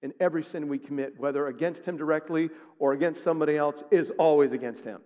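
A man's voice: fairly high pitch, fast, darkish tone, highs cut off. Emphatic male pastor in echoing sanctuary. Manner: emphatic, poses rhetorical questions to the congregation. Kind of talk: sermon. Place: church sanctuary. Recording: long reverb of a large sanctuary.

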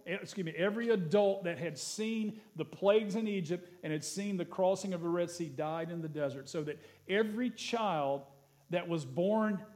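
A man, a pastor, preaching a sermon, reading scripture aloud with rising emphasis and praying in a softer voice. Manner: prays in a soft, lowered voice.

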